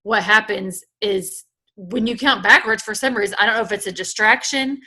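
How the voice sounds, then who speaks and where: A woman in her thirties or forties, chatting casually with viewers and telling stories in an animated way as she recaps a convention. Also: medium pitch, normal speed. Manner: chatty, animated storytelling, addresses viewers as "you guys". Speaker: host recapping a sales convention.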